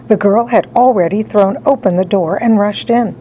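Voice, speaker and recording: A woman narrating a children's story in an expressive read-aloud style. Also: medium pitch, moderate pace, a little hiss or hum, poor audio. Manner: animated, dramatic storytelling.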